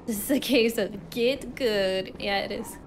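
A woman's voice: mid-range voice, a little slow, noisy background. A woman streaming a video game live, chatting casually to her viewers and poking fun at her own mistakes. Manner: chatty, self-deprecating, talks to chat while playing. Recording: game music behind the voice.

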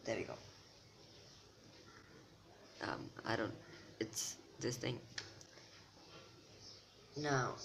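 A teenage boy vlogging to camera in a rambling, self-mocking chat that keeps losing its thread. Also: mid-range voice. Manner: rambling, self-mocking, loses his train of thought. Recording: noisy home recording.

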